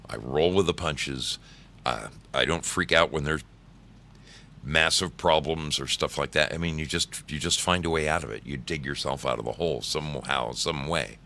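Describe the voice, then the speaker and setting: A man's voice: a bass voice, bright, forceful tone. A middle-aged man hosting a live stream, greeting chat by name and telling laid-back, swearing work stories.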